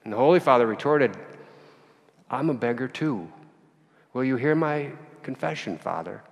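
Gravelly male preacher, animated storyteller, long church reverb. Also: mid-range voice, moderate pace. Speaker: priest. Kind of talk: sermon storytelling.

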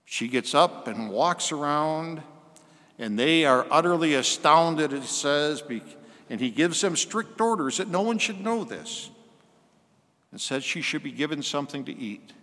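A man preaching a sermon, slowing and softening his voice when he quotes scripture. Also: on the high side, lively intonation, big-room sound.

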